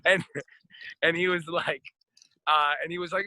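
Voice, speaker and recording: An American actor chatting casually in an interview, rambling with lots of fillers and restarts. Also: male voice, fairly high pitch, level tone, normal speed, long pauses, bright, forceful tone, no room sound, poor audio. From United States.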